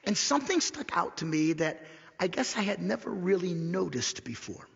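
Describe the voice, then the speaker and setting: Male pastor, sermon delivery, raspy and gravelly, dull lo-fi sound, slows and whispers on key points. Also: high voice, sing-song, fairly bright tone. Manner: repeats key lines slowly for emphasis, drops to a whisper. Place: church sanctuary. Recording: dull lo-fi recording in a reverberant church hall.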